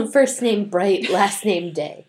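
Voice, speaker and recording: Very slow, joking young woman. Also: mid-range voice, expressive, a little mellow. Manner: reactive, joking. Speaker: podcast co-host. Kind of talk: casual chat.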